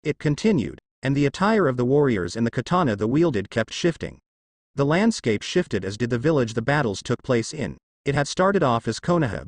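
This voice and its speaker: A man narrates a fan story in a steady, scripted read. His pitch rises and falls with lively movement, and the recording is dry and close with no room sound. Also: dry recording.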